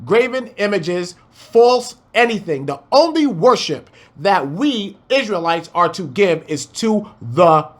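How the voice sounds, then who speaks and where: A man's voice: sits high, sing-song, slow pace, few pauses. A man reading scripture verse by verse and breaking it down in emphatic, conversational commentary, talking to his listeners as family. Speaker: Bible teacher. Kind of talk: casual Bible study commentary.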